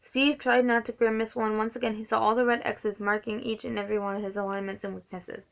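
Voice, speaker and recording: A woman's voice: a little high, level tone, quick pace, vocal fry, low-quality recording. A woman reading a novelization aloud, often stumbling and correcting herself. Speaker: reader of a book.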